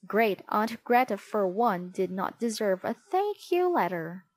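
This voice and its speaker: A woman reading a children's storybook aloud in an expressive, clear way. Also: medium pitch, measured pace, dry recording. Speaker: storybook reader. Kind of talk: children's book read-aloud.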